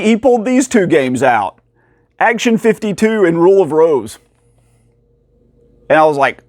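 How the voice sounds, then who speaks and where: A man casually telling stories about finding rare video games, acting out the people in them with sudden jumps in pitch and frequent laughs. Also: dry recording, clean studio sound. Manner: animated, acts out quoted dialogue with pitch jumps. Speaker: video game collector and channel host. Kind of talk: casual storytelling to camera.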